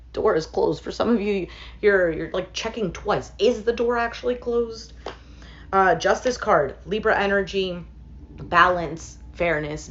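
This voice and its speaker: Lo-fi woman giving a casual tarot reading. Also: mid-range voice. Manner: thinks aloud with fillers, speaks to viewers as "some of you". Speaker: tarot reader.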